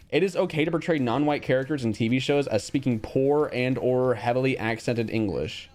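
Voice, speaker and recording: A man's voice: mid-range voice, a little fast, few pauses, a little mellow, faint music behind. A young man streaming casually, reacting bluntly to a quiz with frequent swearing and reading out chat.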